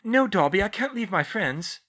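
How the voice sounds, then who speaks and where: A man's voice: high voice, lively intonation, normal speed, fairly bright tone, voice pushed up. A man voicing an anxious teenage schoolgirl witch who talks in a flustered rush. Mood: alarmed.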